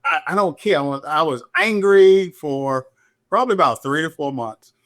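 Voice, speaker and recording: A middle-aged man speaks as a podcast guest in a slightly high register. He tells his police story candidly and animatedly. He jumps higher still whenever he acts out what someone said. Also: animated, moderate pace, a bit bright.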